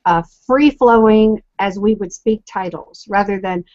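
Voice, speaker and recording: A woman's voice: mid-range voice, unhurried, darkish tone, no room sound. A woman co-hosting a casual web show, talking things through with everyday examples and plenty of fillers. Her voice is close and dry, with dull, lo-fi video-call sound. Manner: chatty, explains with examples, many fillers. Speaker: co-host. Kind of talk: casual online show discussion.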